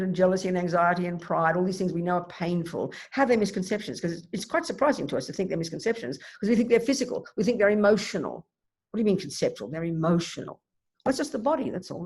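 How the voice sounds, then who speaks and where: Emphatic woman teaching Buddhism. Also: on the low side. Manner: emphatic, animated, thinks aloud with restarts. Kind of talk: dharma teaching talk.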